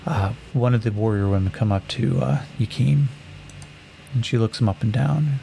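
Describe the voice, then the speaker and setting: A man narrating a solo tabletop game and rolling on tables, in a relaxed way with many fillers. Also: medium pitch, moderate pace, gravelly, a little hiss or hum, rough recording.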